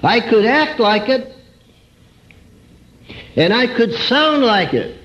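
A man giving an earnest personal testimony sermon, swinging between high emphatic phrases and low drawn-out words. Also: sing-song, fairly bright tone. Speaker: preacher. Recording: dull lo-fi recording.

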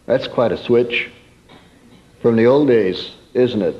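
A man preaching a sermon in a storytelling way, swinging from emphatic peaks to soft, quiet asides. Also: medium pitch, takes it slowly, lo-fi sound.

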